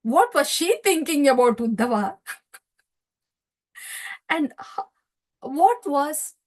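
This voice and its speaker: A woman giving a devotional scripture class, retelling the story in an animated way with many rhetorical questions. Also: high voice, slow pace. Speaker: scripture teacher.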